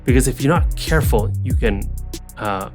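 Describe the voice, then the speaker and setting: This dungeon master co-hosts a relaxed tabletop gaming podcast in an animated, mid-range voice at normal speed, with music behind him. His chat rambles and restarts, and he gives voice to the townsfolk.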